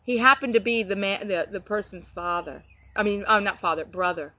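A woman telling heartfelt stories from her ministry in an animated, earnest way, often restarting her sentences. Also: mid-range voice, fairly quick, no echo, dull audio. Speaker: guest sharing ministry stories. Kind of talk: earnest conversational testimony.

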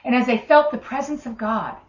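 A woman with an Australian accent preaching a sermon, telling stories in a chatty, animated way. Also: a little high, a little fast. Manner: conversational, animated storytelling with acted quotes. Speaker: minister. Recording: echoey room, dull lo-fi sound.

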